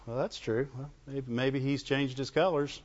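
A man preaching a sermon voices a wary, gullible frog from a parable, deepening his voice into a hesitant mumble. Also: fairly even intonation, moderate pace, close to an everyday voice. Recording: dull lo-fi recording with long reverb.

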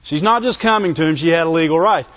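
A man preaching a sermon in a fairly high voice. He calls out "Amen?" to the congregation and repeats phrases to drive his points home. The recording sounds dull and lo-fi. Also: fast. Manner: asks the congregation for call-and-response "Amen?"; repeats phrases for emphasis and chuckles between points.

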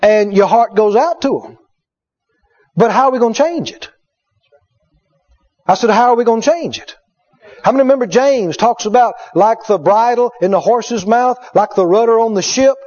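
A high-pitched, middle-aged male preacher delivers a story-driven sermon and hammers phrases home by repeating them. The recording sounds dull and lo-fi. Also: moderate pace, long pauses, a little mellow. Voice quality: emphatic, repetitive storyteller.

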